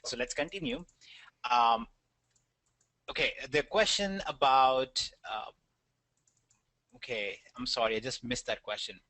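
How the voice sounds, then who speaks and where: A man hosting a webinar, answering viewers' questions in a brisk, reassuring and joking way over an online call mic. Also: medium pitch, expressive, bright, forceful tone, dry recording. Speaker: webinar host.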